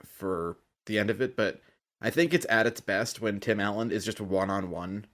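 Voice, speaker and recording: A man co-hosting a podcast, talking in an animated, jokey way. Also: on the low side, moderate pace. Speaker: podcast co-host. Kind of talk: casual chat.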